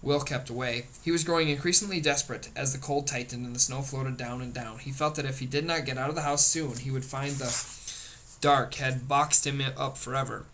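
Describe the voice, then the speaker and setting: A man reading a novel aloud in a steady voice, with occasional slips and restarts. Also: medium pitch, slight background noise, poor audio. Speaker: audiobook reader.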